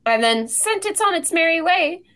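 A woman's voice: very high-pitched, normal speed. A woman hosting a podcast in casual chat, telling a story with lots of laughter. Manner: animated, laughs often while telling a story. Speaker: podcast host.

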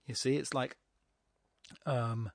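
A man talks through a poem on his podcast, a teacher who thinks aloud with plenty of fillers and restarts. His voice sits in an ordinary middle pitch. It is recorded close to the mic and sounds dry, with no room echo. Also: fairly even intonation, creaky. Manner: thinks aloud with fillers and restarts, slows down to read lines aloud deliberately. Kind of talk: informal poetry analysis podcast.

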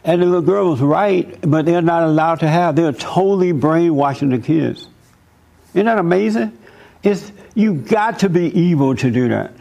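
A man hosting a talk show, telling an animated, emphatic story and preaching in a casual, fervent way. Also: on the high side, normal speed, creaky.

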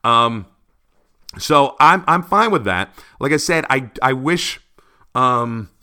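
Man, bright tense voice, animated, opinionated, casual podcast chat. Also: mid-range voice, slow pace, smooth. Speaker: podcast co-host.

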